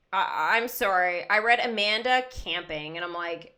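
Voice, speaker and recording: A woman's voice: lowish voice, animated, moderate pace, pushed and bright. A young woman hosting a livestream, chatting casually with her viewers, giggling often and rambling between stories. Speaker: livestream host. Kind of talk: casual chat with live chat viewers.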